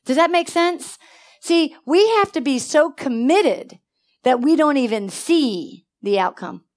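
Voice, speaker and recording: Animated woman preaching a sermon. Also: high-pitched, unhurried. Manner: animated, swings from hushed to loud, asks the audience questions. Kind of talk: sermon with personal stories.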